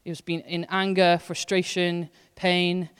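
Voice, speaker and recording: A woman's voice: fairly low pitch, little pitch movement, takes it slowly, clean tone. A woman associate pastor preaching a sermon in a casual, earnest, conversational way, with her intensity rising and falling as she speaks. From Wales. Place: church hall. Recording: long church hall reverb.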